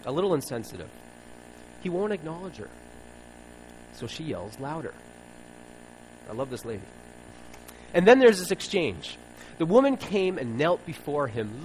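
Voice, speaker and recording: A man's voice: a little high, big pitch swings, measured pace, long pauses, background noise. Guy preaching a sermon, chatty and playful, voice bouncing all over. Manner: conversational, playful storytelling.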